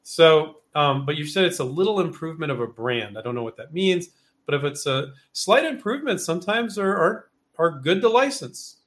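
A man with a slightly raised pitch hosts a live viewer Q&A. He talks loosely and off the cuff, with plenty of ums and false starts. Now and then he drops into little acted-out quotes of himself and others. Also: animated, moderate pace, fairly bright tone. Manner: loose and chatty, acts out quotes, many fillers. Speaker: host answering viewer questions. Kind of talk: casual live Q&A.

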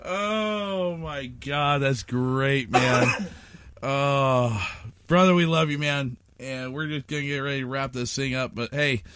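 A man's voice: medium pitch, takes it slowly, a bit bright, clean tone. A man hosting a casual podcast, laid-back and friendly, calling his guest brother. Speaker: podcast host. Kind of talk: casual chat.

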